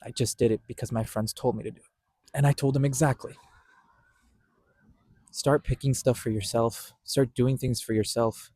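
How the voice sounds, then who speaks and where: A man's voice: mid-range voice, fairly even intonation, normal speed, long pauses, dark tone, no echo. A young man hosting a podcast, earnestly telling a personal story, repeating himself and stopping to correct his own words. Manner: earnest, repetitive, with self-corrections. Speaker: podcast host.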